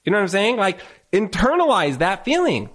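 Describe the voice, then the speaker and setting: A man's voice: high-pitched, sing-song, brisk, fairly bright tone. A man giving marriage advice to a live audience on a handheld mic, emphatic and repetitive, full of rhetorical questions. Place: event room with an audience.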